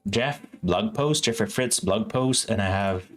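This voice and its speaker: Slow, rambling male stream host. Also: on the low side, soft background music. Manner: rambling, self-correcting, chatty with viewers. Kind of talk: casual live-stream chat.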